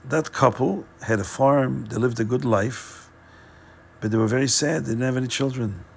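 A man's voice: mid-range voice, normal speed, gravelly, slight background noise. A man hosting a podcast, earnestly retelling a religious tale with plenty of repetition. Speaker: storyteller, podcast host. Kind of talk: religious storytelling.

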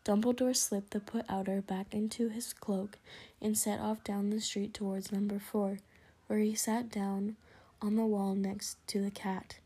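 A woman reads a storybook in whispered role-play, her voice breathy and mellow. The pitch stays flat and even, hushed from line to line. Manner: slow, hushed storybook reading.

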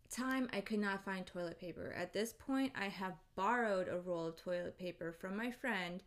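Woman vlogger, comic rant to camera, profane, exasperated, punchy emphasis. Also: mid-range voice. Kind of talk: ranting to camera.

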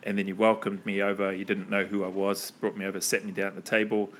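A man's voice: low-pitched, flat delivery, fast talker, slight background noise. A man hosting a podcast, reminiscing earnestly in casual conversation and laughing often. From New Zealand. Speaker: podcast host.

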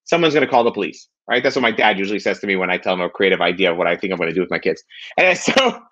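Fast, animated husky-voiced man. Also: sits low, muffled recording. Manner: animated, fast, repeats "right?". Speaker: podcast guest. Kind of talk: casual chat.

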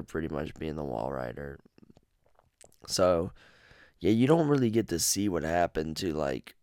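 A man with a very deep voice rambles through a casual podcast chat, swearing freely and joking around. The sound is dry and close, with no room in it. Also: a little mellow, clear, resonant tone, no echo. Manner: rambling, profane and jokey. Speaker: podcast host. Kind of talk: casual chat about a horror game.

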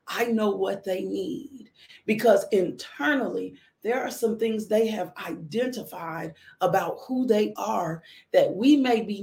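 A middle-aged woman speaks about faith and raising her children in an earnest, heartfelt testimony. Her voice carries a gravelly fry at mid pitch, and she circles back on her phrases to drive each point home. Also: darkish tone. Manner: earnest, repeats phrases for emphasis. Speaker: mother sharing faith and parenting lessons. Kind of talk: personal testimony talk.

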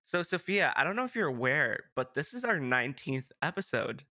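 A young man hosting a casual podcast, his voice bright and forward. He rambles along with plenty of fillers and restarts, and the recording is close and dry. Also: on the high side, big pitch swings, fairly quick, no echo. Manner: chatty, rambling, filler-heavy. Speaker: podcast host. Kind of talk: casual chat.

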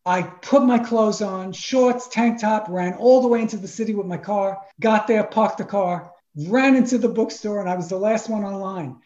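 A man's voice: high-pitched, moderate pace, few pauses, a little mellow. Emphatic New man telling stories. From Brooklyn, New York. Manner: emphatic, exclamatory, spells out names. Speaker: podcast guest. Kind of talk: animated personal storytelling. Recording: roomy, dull sound.

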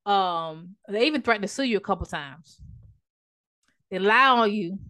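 A woman's voice: mid-range voice, lively intonation, normal speed, bright, forceful tone. A woman coaching viewers on relationships in a casual vlog, emphatic and repetitive, with a preachy, church-flavored way of talking. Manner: preachy, emphatic, repeats herself; uses church language and prayer.

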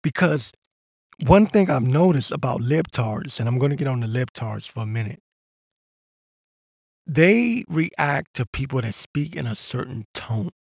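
A man's voice: medium pitch, expressive, a little slow, vocal fry, no room sound, studio quality. A man hosting a podcast, talking in a ranting, combative way and mocking others in put-on voices. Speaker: podcast host. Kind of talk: casual monologue.

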